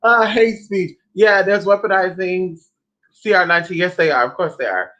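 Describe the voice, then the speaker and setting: A woman hosts a loose, casual chat and keeps the tone sassy and blunt. Her pitch leaps up and down as she talks. She slips into other people's voices whenever she quotes them. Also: moderate pace, a bit bright, dull audio. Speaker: host.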